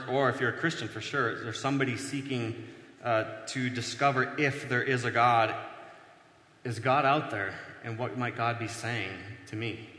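In a big church hall where long reverb follows every phrase, a male pastor preaches casually at a whiteboard. His mid-range voice is bright and forceful, and his conversational style is full of fillers like "uh" and "um" and jokes at his own expense.

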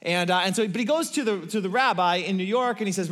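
A man's voice: sits high, fast talker, hardly any pauses, fairly bright tone. A man giving a sermon, telling a story in a conversational way with many fillers. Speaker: pastor.

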